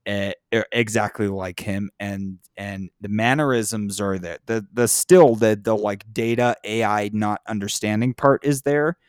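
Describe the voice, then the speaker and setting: A man with a somewhat low voice chats casually and swears freely. He turns animated and climbs in pitch when something excites him. The sound is close and dry, with no room around it. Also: measured pace, few pauses, clean tone, no echo. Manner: profane, animated, rises in pitch when impassioned. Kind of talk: casual chat.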